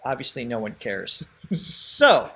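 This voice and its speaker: A man's voice: mid-range voice, big pitch swings, takes it slowly, a crowd in the background. A man co-hosting a song reaction livestream, chatting casually, laughing often and thanking viewers by name.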